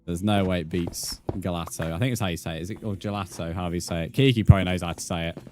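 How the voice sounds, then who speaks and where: Young guy streaming, low-ish voice, swears a lot, faint music behind. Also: steady tone, rapid-fire. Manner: chatty, swears casually, addresses viewers as mate. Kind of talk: casual live-stream chat.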